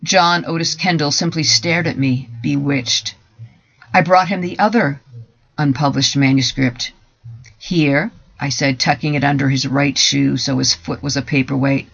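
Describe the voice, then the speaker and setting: A man giving a dramatic first-person story reading in a measured, deliberate voice that drops to hushed softer passages. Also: medium pitch, steady tone, vocal fry. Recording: dull lo-fi recording.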